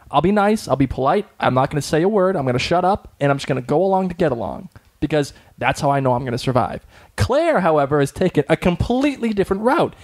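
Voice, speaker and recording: Higher-voiced man co-hosting a chatty podcast. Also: darkish tone. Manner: chatty, laughs often, opinionated. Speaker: podcast co-host. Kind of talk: casual podcast chat.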